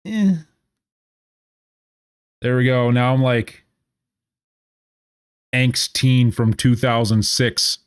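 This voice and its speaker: A man's voice: mid-range voice, expressive, drawn-out words, pauses often, clean tone, no room sound, clean studio sound. A man in his thirties giving casual gameplay commentary as a streamer, sarcastic, rambling and profane.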